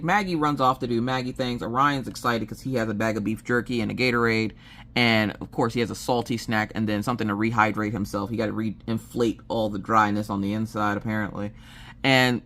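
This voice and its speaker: With a rumbling low voice and a fairly quick pace, this thirtysomething vlogger shares a family tale casually. She's lively and playful, performing her relatives' lines for laughs.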